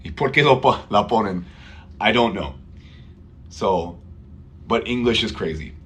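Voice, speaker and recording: A man teaching English pronunciation in a live online class, who repeats words slowly for Spanish-speaking learners. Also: fairly low pitch, expressive, a bit bright, slight background noise.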